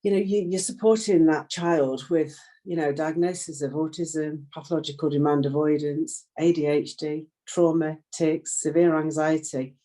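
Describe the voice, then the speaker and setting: A weary, heartfelt woman talks as a podcast guest. Her voice is low and mellow, dark in tone. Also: fairly even intonation, moderate pace, few pauses. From Derbyshire, England. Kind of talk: personal interview.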